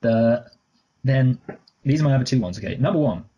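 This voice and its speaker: A man's voice: medium pitch, expressive, brisk, warm tone, slightly rough, lo-fi sound. A man co-hosting a casual movie review chat, rambling and correcting himself, with joking asides. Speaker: podcast co-host.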